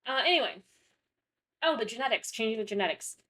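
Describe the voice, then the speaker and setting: Young woman rambling through game commentary, kinda high voice, lots of ums and restarts. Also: animated, brisk, fairly bright tone. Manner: rambling, chatty, frequent self-corrections and fillers. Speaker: gaming content creator. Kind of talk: casual gameplay commentary.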